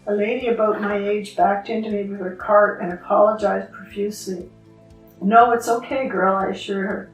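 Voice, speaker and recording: A woman's voice: medium pitch, flat delivery, fairly quick, hardly any pauses, recorded from a distance. Older woman, wry and chatty, reading her own prose; roomy, off-mic sound with faint music. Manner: chatty, laughs easily, wry. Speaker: podcast guest and writer. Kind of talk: casual chat and reading her own writing aloud.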